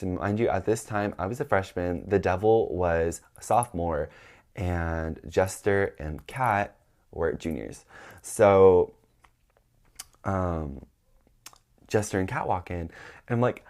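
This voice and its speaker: Young man, casual storytime chat, chatty, says "like" a lot, lowish voice. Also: a little slow, long pauses. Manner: chatty, heavy use of "like", acts out quotes in high excited voices.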